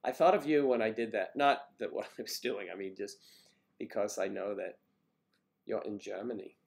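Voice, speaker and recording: An older man hosting a casual livestream, chatting warmly with viewers by name and rambling through stories. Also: lowish voice, steady tone, moderate pace, creaky. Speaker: livestream host reading viewer comments. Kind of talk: casual chat.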